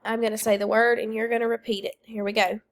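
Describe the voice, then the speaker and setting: A woman's voice: a little high, little pitch movement, fast. A woman teacher leading children through a phonics lesson on video, calling out words, drilling answers and praising them, while feeling unwell. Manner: leads call-and-response drills, praises answers.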